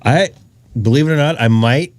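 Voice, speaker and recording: A man's voice: mid-range voice, normal speed, a little mellow, no echo. A man hosting a ham radio live stream, chatting in a rambling, jokey way and laughing often. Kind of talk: casual chat on a live stream.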